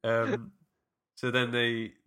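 A man's voice: medium pitch, completely flat delivery, very slow, sharp tone, smooth. A man hosting a podcast, leading a casual film recap and narrating scenes step by step. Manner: leads the talk, narrates scenes step by step with fillers. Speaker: podcast host.

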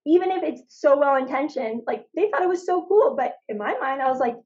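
A woman from Phoenix, Arizona talks through her story on a faith podcast. She is animated, with lots of "like" and restarts. Her voice sits on the high side, and the audio is slightly dull and lo-fi. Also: fairly quick. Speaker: podcast guest. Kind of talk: casual faith podcast conversation.

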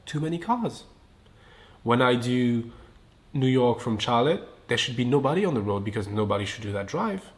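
A man's voice: medium pitch, expressive, moderate pace. A man with a French accent, hosting a solo podcast and chatting casually, swearing freely, laughing often and drifting onto tangents. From France. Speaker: podcast host. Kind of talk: rambling solo podcast chat.

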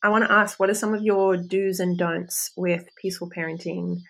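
A woman hosting a casual parenting interview, once a pediatric therapist, answering with quick affirmations. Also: on the low side, steady tone, creaky, rough recording. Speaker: podcast host, former pediatric therapist.

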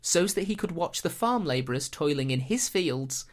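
A woman's voice: low voice, lively intonation, moderate pace. A British woman hosting a podcast, telling a history story in a dry, wry way. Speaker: podcast host. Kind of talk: casual storytelling chat.

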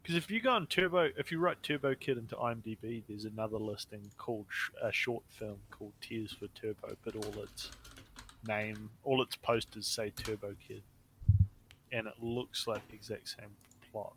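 A man's voice: fairly low pitch, normal speed, a bit bright, a little hiss or hum. A young man co-hosting a casual podcast chat, joking and often trailing off mid-sentence. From New Zealand. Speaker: podcast co-host.

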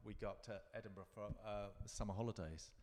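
A man's voice: fairly low pitch, fast, a little mellow, big-room sound. A man in his fifties from London, a guest performer in a live interview, telling rambling, reflective stories with frequent restarts. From London, England.

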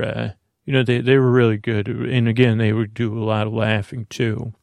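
A man telling a bedtime story, wandering from thought to thought with plenty of uhs and false starts. His voice is gravelly, with a dry, close sound and no room around it. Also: medium pitch, level tone, moderate pace, darkish tone, no echo. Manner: rambling, meandering, full of uhs and restarts. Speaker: storyteller host.

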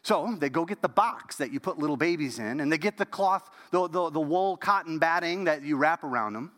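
A man preaching a storytelling sermon as pastor, animated and dropping to a hush at key moments. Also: fairly high pitch, a little fast, long reverb tail.

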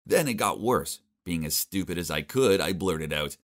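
Expressive young male storyteller. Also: low-pitched, moderate pace. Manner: expressive, dramatic comic delivery. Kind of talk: animated first-person story narration.

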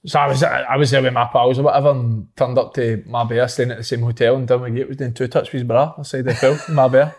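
Scottish regular, brisk anecdote teller, middle pitch. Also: male voice, creaky. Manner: lively anecdotes with laughing asides. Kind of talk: casual chat.

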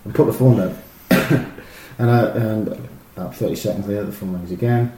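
A middle-aged man, a former footballer, telling animated, rambling stories full of fillers and restarts. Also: lowish voice, normal speed. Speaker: former professional footballer, guest. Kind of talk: casual anecdotal storytelling. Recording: roomy echo with faint noise.

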